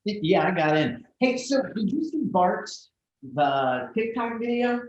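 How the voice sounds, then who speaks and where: Animated co-host in a roomy, dull mix. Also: male voice, high-pitched, slow pace. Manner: playful, chatty. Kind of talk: livestream banter.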